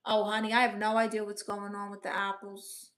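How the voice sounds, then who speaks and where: A woman's voice: mid-range voice, monotone, fairly quick, a bit bright. A woman comedian hosting a casual live stream as a brash aunt, reading viewer comments and giving blunt, teasing advice. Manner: blunt, teasing, playfully sassy.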